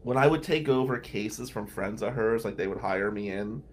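A man's voice: lowish voice, normal speed, slight background noise. A man from New Jersey, a podcast host and defense lawyer, telling casual, blunt stories in tribute. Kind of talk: storytelling tribute.

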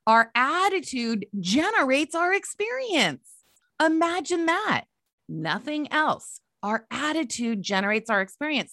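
A woman coach and podcast host giving an animated motivational talk, emphatic and repeating her phrases. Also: on the high side, dry recording, studio quality.

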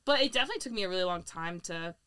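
A young comedian, chatting casually as a podcast guest, rambling with many "like"s and restarts. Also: female voice, on the low side, animated, fairly bright tone, clear, resonant tone. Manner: rambling, lots of "like", fast restarts.

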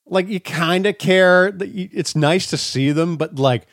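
A middle-aged man co-hosting a podcast, telling stories in a casual, profane, animated way. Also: sits high, a little slow, no room sound, clean studio sound. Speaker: podcast co-host. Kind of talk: casual chat.

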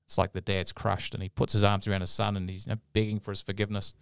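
A man's voice: lowish voice, level tone, fast talker, gravelly, smooth, no echo, clean studio sound. A man co-hosting a podcast, telling a story in a rambling, casual way with many fillers. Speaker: podcast co-host.

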